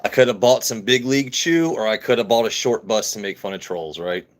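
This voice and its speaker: A man's voice: on the low side, fairly quick. A man hosting a casual whiskey-tasting live stream, joking and greeting viewers in chat. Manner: jokey, chatty, reads and greets chat. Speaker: livestream host reviewing whiskey.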